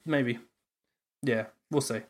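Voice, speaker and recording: A man's voice: medium pitch, slow, crowd noise. A young Australian man co-hosting a podcast, chatting casually, rambling and laughing often. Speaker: podcast co-host. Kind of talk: casual chat.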